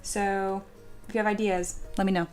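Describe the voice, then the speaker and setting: A woman's voice: medium pitch, little pitch movement, moderate pace, clean tone, soft background music. A woman streaming a 3D sculpting tutorial in a chatty, joking way, explaining her steps and answering viewers. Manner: chatty, jokey, reads chat aloud. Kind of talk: live-stream tutorial chat.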